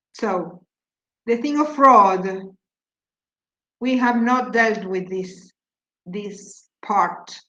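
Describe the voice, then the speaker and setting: A woman from Argentina leads an online class at a very unhurried pace, often stopping to repeat a word. Her voice sits a little high. The call audio sounds roomy and muffled. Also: fairly bright tone. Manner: halting, repeats words while thinking. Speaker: English teacher. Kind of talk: online class, explaining vocabulary. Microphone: video call. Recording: echoey, dull call audio.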